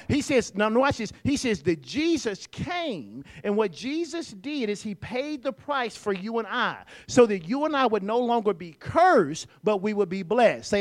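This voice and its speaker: A man preaching a sermon in a church, leading the congregation in call-and-response and rising to loud exclamations. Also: high voice, animated, moderate pace, hardly any pauses.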